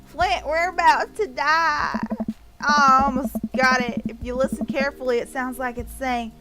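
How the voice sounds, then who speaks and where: A woman's voice: sits high, fairly even intonation, brisk, loud music behind the voice, lightly acted. A woman voicing a panicky male ghost-hunting trucker with a drawling rural twang, reading a dating game aloud. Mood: panicked.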